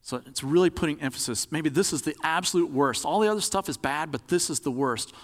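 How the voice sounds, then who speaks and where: A man's voice: on the high side, a little fast, hardly any pauses, long reverb tail. A man preaching a sermon in a conversational, demonstrative way, acting out examples as he talks.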